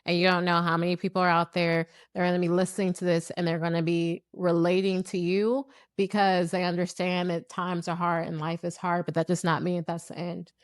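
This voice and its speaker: A woman hosting a heartfelt conversation, speaking softly with gentle affirmations and drawn-out phrasing. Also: lowish voice, clean tone, dry recording, studio quality. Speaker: host.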